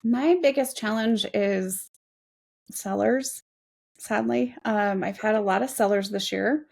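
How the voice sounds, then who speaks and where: A woman's voice: mid-range voice, slow pace, creaky, darkish tone. A woman in her forties, a real estate agent, chatting in an interview in a self-deprecating, laughing way. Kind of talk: casual interview chat.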